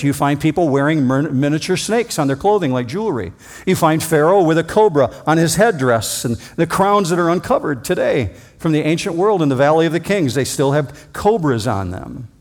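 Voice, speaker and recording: A male pastor delivering a sermon, rising to emphatic points and dropping to quiet asides. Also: fairly high pitch. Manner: preaching with emphatic rises and quiet drops. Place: church.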